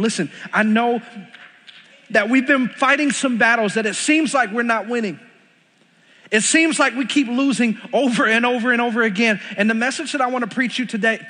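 A young Texan man preaches from a church stage, his voice pitched high and bright. He drives points home by repeating them. His words ring out in a large hall's long reverb. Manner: emphatic, repeating lines for stress. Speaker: pastor. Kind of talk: sermon. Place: church sanctuary.

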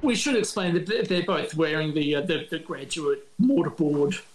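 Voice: mid-range voice, normal speed, music in the background. A podcast co-host musing in a rambling, amused way. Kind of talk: casual chat. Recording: roomy.

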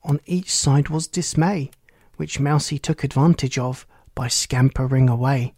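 Verse reader, very slow, warm dark tone, measured recitation, breathy hushed passages. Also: medium pitch, no room sound.

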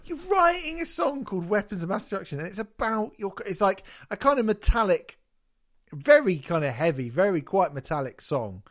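Sarcastic man with a lively voice. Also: high-pitched, a little fast. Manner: sweary, sarcastic, laughs often. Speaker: podcast co-host. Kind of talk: casual chat reviewing an album.

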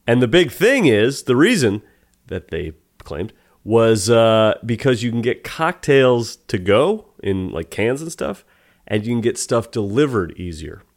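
A man co-hosting a laid-back podcast conversation. His pitch is mid-range for a man, but it swings widely as he talks. His delivery is animated and chatty. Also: a little slow. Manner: animated, chatty, laughs often. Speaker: podcast co-host. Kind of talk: casual chat.

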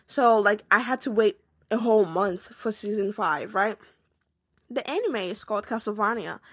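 A woman's voice: medium pitch, expressive, normal speed, breathy edge, dry recording, studio quality. A young woman hosting her own podcast, ranting in a casual, slangy, exclamatory way. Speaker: podcast host. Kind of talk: casual solo rant.

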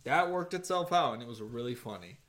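A man's voice: medium pitch, animated, brisk, a crowd in the background. A man co-hosting a casual chat who chimes in, agrees and laughs while recapping a TV episode. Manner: chiming in and agreeing, laughing at the story. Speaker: podcast co-host.

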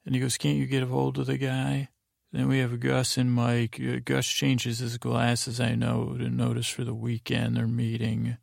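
A man hosts a podcast with a gravelly, creaky voice and a flat, monotone delivery. He rambles through a show recap, quoting characters without changing his voice. The recording is close and dry. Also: medium pitch, normal speed, no room sound. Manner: rambling, plain voice with many fillers, flatly quoting each character. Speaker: podcast host. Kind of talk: sleepy, meandering episode recap.

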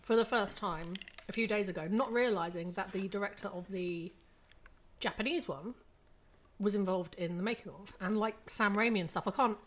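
A woman's voice: medium pitch, normal speed. An English woman chatting as a guest on a film podcast, dropping dry, wry asides. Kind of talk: casual chat.

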